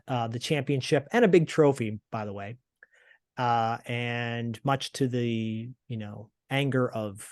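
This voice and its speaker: A man's voice: medium pitch, darkish tone, no echo. Dry-sounding chatty male podcast host. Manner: chatty, hesitant with frequent fillers and restarts. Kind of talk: casual podcast recap.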